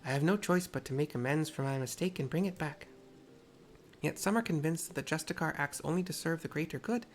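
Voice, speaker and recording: A gamer voicing an earnest young woman warrior who blames herself, in a put-on mixed accent, reading her lines measured and serious. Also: low voice, pitched above the performer's own voice, lightly acted.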